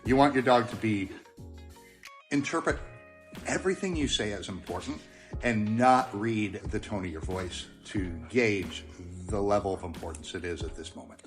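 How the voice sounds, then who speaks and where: A man working as a dog trainer, giving calm, plain-spoken advice to the camera in an even tone, with occasional ums and uhs. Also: on the low side, moderate pace, faint music behind. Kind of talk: instructional talk to camera.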